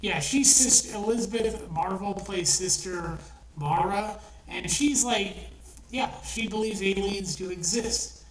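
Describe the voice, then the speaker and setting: A woman's voice: mid-range voice, slow pace. A woman giving a blunt, profane, exasperated movie review with lots of restarts. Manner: blunt, swears often, exasperated ranting with restarts. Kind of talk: ranting casual film review. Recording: echoey room, voice a bit far from the mic, faint noise.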